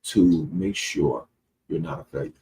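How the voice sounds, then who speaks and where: Deep gravelly man, lively and preachy. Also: measured pace, slight background noise, poor audio. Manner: preachy, quotes scripture. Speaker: co-host. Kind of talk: casual livestream chat.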